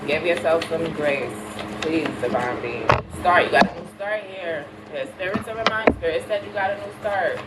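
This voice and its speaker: A woman's voice: fairly low pitch, lively intonation, fairly quick, hardly any pauses. A woman with a Caribbean accent, a spiritual reader chatting bluntly and preachily to her viewers, repeating herself. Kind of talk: casual spiritual chat to viewers. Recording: roomy, far from mic, loud background noise.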